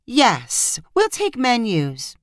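A woman's voice: a little high, huge pitch swings, extremely slow, no echo, clean studio sound, voice pushed up, exaggerated voice. A woman voicing an indignant young woman who feels betrayed by her friends, in a pointed, wry tone. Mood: smug.

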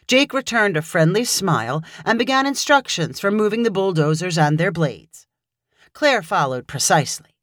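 A woman narrating a short story in a measured, expressive reading voice. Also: on the low side, no echo, studio quality.

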